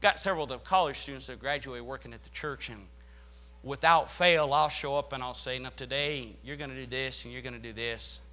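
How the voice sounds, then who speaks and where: A male pastor delivers a sermon, reading scripture aloud and building dramatically in volume as he hammers home each point. His voice sits in the mid-range, and he speaks fairly quickly.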